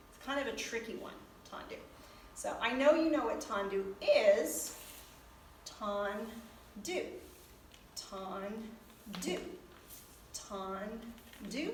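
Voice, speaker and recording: A woman teaching ballet terms, talking slowly, repeating each term while she demonstrates in a dance studio. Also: mid-range voice, slight background noise. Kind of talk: ballet lesson. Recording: echoey room from a distance.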